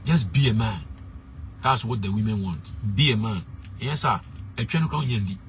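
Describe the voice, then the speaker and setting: A man's voice: fairly low pitch, moderate pace, a little hiss or hum. A young man, a street preacher giving blunt, emphatic advice and slipping into pidgin. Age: young adult.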